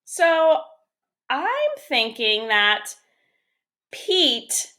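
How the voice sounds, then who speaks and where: Woman teacher, slow read-aloud lesson, gentle and encouraging, a bit high voice. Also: big pitch swings. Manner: gentle and encouraging, explains step by step. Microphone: camera or phone on a desk.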